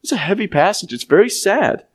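Preacher explaining scripture. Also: male voice, high-pitched, expressive, fairly quick, breathy edge. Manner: expository preaching, reading scripture aloud and explaining it to the congregation; conversational asides to listeners. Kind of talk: sermon.

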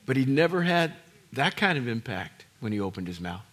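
A man preaching a sermon as pastor, swinging from hushed, low lines to loud shouted peaks and repeating words for emphasis. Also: sing-song, a little fast.

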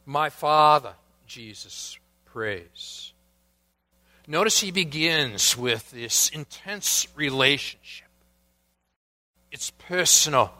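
Bright-voiced slow-preaching man. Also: mid-range voice, animated. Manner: preaching, questions to the congregation, swings from loud to hushed. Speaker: pastor. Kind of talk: sermon.

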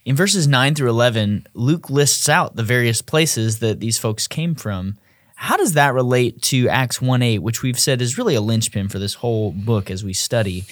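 A man's voice: medium pitch, normal speed, no room sound, clean studio sound. A man co-hosting a Bible study talk, posing questions to his partner and murmuring agreement while he listens. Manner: attentive, frequent murmured agreement. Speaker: podcast co-host asking questions. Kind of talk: conversational Bible study discussion.

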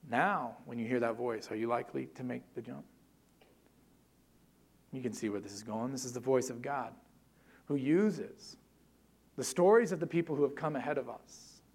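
A middle-aged male pastor preaching an earnest sermon, swinging between loud emphasis and hushed, low passages.

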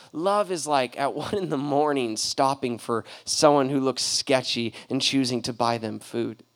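A young male pastor telling a story in a sermon, animated and laughing, acting out the voices in the dialogue. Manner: animated, laughing, acts out quotes with sudden high jumps in pitch.

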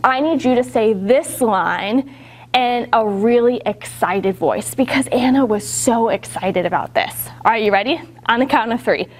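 A woman with a high, bright voice tells a Bible story to young children. She keeps it animated and upbeat and keeps asking them to act along. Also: a little slow. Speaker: children's church teacher.

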